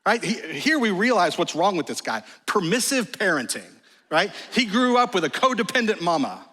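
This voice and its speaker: A man preaching a sermon in a church, animated and jokey, with sudden exclamations. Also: high-pitched, moderate pace. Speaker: pastor. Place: large church sanctuary. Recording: long church hall reverb.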